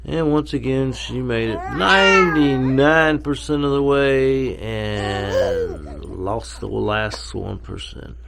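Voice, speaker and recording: A man, a stay-at-home father, talking to his babies in a casual home vlog. He coaxes them in baby talk, then turns quiet and reflective with the camera. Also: medium pitch, sing-song, slow pace, vocal fry, a crowd in the background.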